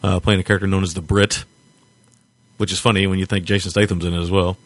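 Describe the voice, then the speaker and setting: Laughing often and rambling with jokes, a podcast co-host discusses a movie in a loose, casual review. His voice sits low and stays level at a quick pace, recorded with no room sound.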